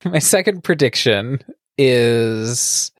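Very low-voiced slow-talking woman. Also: lively intonation, dry recording, clean studio sound. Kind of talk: casual chat.

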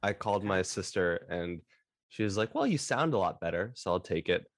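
A man on a podcast panel, talking in a relaxed, rambling way. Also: deep voice, moderate pace, dry recording, clean studio sound. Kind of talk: casual panel chat.

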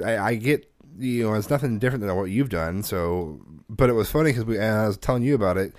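A man's voice: on the low side, a little mellow, no echo, clean studio sound. A man in his thirties in casual chat, telling a rambling family story and acting out the lines of his small child. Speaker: podcast co-host.

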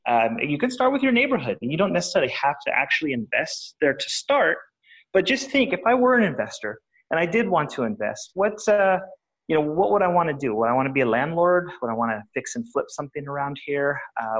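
A man's voice: medium pitch, animated, fairly quick, fairly bright tone, poor audio. A man who is a guest on a podcast and talks about property investing, in a rambling, casual way full of restarts and "uh"s. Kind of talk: casual interview answers.

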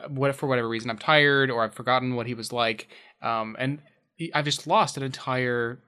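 A man's voice: mid-range voice, steady tone, normal speed, sharp tone, clean tone. A man co-hosting a casual podcast chat, thoughtful and hesitant, with many fillers. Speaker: podcast co-host.

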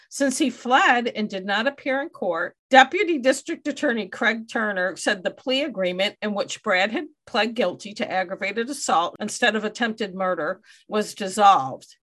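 A woman's voice: medium pitch, a bit bright. A woman hosting a true crime podcast, reading out case details and adding wry asides. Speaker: podcast host.

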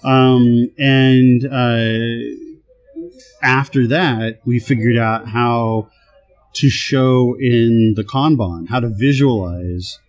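A man's voice: mid-range voice, drawn-out words, muffled recording. A man talking as a guest in a casual interview, telling work stories with a laugh now and then and acting out other people's lines. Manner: animated, laughs often, acts out quoted voices. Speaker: guest, software team manager. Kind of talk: casual conversational storytelling.

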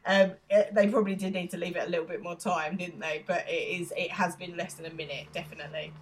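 Chatty woman, lowish voice. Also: fairly even intonation, quick pace, slight background noise. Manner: laughs often, acts out quotes. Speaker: podcast co-host. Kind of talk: casual chat recapping a show.

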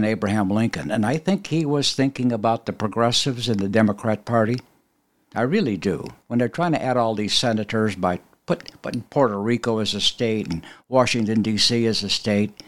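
Male talk radio host, sardonic monologue, pitch rising and falling a lot. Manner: wry, sardonic, reads quotes aloud with dry asides. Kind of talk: conversational political commentary monologue.

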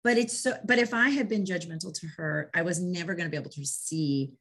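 A woman's voice: fairly low pitch, quick pace. Enthusiastic woman dog trainer hosting. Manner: enthusiastic, animated storyteller. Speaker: dog trainer and interview host. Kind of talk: casual interview chat.

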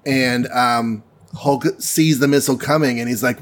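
A man's voice: medium pitch, steady tone. Playful man recapping comics. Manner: playful, acts out characters in quick voices. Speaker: podcast co-host recapping comics. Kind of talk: casual comic-book recap chat.

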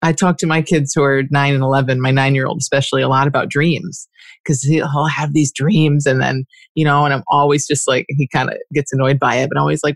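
A woman's voice: deep voice, brisk, gravelly, no echo. Dry-sounding woman podcast host, musing. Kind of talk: casual conversation.

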